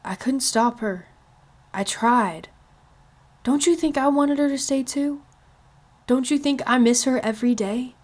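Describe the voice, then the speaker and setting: Woman doing a weary father, soft, slow, hushed, storybook preacher. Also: high voice, pitched above the performer's own voice. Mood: grieving.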